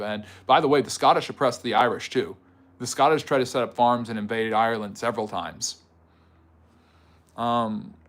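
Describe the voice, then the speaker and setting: A man of medium pitch hosts a livestreamed history lecture. He takes questions from the chat casually, leaning on fillers and snapping back with quick rebuttals.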